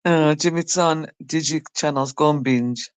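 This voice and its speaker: A woman on a live stream, talking slowly and easily as she reads out chat comments. She teases and jokes with viewers, laughing often and swearing freely. Her voice sounds close and dry, with no room sound around it. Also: sits low, clear, resonant tone, no room sound. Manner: teasing banter, frequent laughter and swearing. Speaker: livestreamer reading chat. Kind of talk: casual chat with a live audience.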